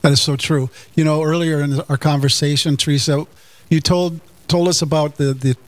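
Halting male radio host, flat voice. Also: a little high. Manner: halting, restarts mid-question. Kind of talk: interview questions.

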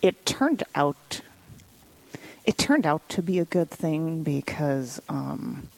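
Gravelly low-voiced woman. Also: expressive, slow pace, a little mellow, rough recording. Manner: chatty, laughs often. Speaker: guest. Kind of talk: casual storytelling interview.

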